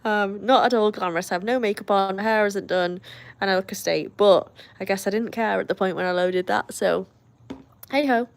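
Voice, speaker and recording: Speaking at a normal speed in a mid-range, creaky voice, this British livestream host chats casually and reads viewer comments aloud. She laughs frequently and drops in friendly asides along the way.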